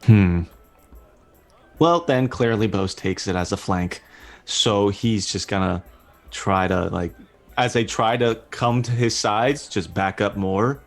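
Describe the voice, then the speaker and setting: Give me a very low, slow-spoken man as a tabletop player. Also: faint music behind. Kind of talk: describing his character's actions.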